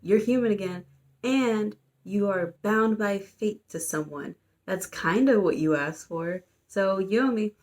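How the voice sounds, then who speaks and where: A woman's voice: medium pitch, a little slow, darkish tone, close to an everyday voice. A woman casually quoting a teasing ghost boy in a lazy, teasing drawl, keeping close to her own voice. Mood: smug.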